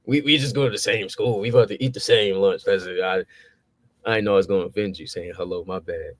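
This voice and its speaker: A young man, telling stories in a casual chat and acting out his past exchanges. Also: fast talker. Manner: animated, acts out his own past exchanges with rising pitch. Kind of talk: casual storytelling.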